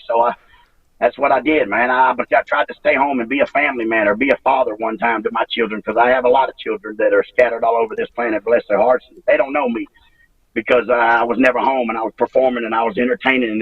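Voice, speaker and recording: A husky, gravelly man in his fifties speaks haltingly, circling back over his words and swearing freely as his feelings rise. His pitch swings widely. The sound is dry, distant and muffled, like a remote call. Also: no echo. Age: 50s. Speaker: retired wrestler, interview guest. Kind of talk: emotional interview over a call.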